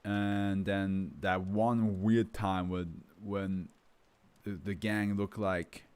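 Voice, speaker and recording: A male streamer rambles loosely to his live audience, full of fillers and laughs, then reads a document aloud. His low voice barely changes pitch and moves extremely slowly, a little mellow, with a clear, resonant tone.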